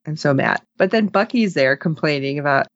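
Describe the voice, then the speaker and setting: Animated woman recapping a show. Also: low voice, brisk, no echo. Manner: animated, laughs often, acts out quotes. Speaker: podcast co-host. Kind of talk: casual chat recapping a TV episode. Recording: dull lo-fi podcast audio.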